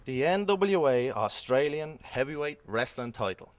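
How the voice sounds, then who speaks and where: A man's voice: mid-range voice, animated, unhurried. An Irish man, a wrestler, giving a cocky and casual boastful promo speech.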